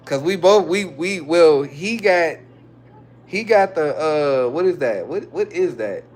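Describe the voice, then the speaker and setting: Slangy, chuckling man with a higher voice. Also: slow, slight background noise. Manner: relaxed and slangy, chuckling often. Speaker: live streamer reading viewer chat. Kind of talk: casual livestream chat.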